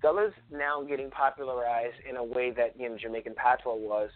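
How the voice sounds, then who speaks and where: A man from South Carolina, a guest in an interview, talking thoughtfully with many pauses and ums as he tells stories. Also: mid-range voice, fairly even intonation. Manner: thoughtful, frequent ums, storytelling. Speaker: guest, cultural preservationist. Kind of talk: conversational interview. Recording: phone-like lo-fi audio.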